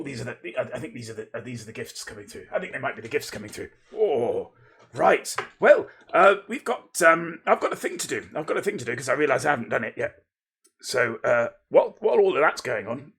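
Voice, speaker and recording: A man's voice: mid-range voice, vocal fry, fairly bright tone, husky. A man from Lincolnshire, casually chatting and rambling playfully as a livestream host, thanking viewers and interrupting himself. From Lincolnshire, England.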